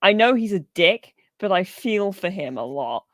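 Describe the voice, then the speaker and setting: A woman's voice: medium pitch, sing-song, moderate pace, no room sound. A woman co-hosting a podcast, chatting casually and rambling about films, laughing often and swearing now and then. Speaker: podcast co-host.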